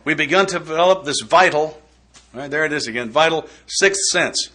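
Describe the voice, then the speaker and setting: A man's voice: fairly high pitch, moderate pace, pushed and bright. A man giving a recovery step study talk, folksy and joking in a conversational way. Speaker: workshop speaker.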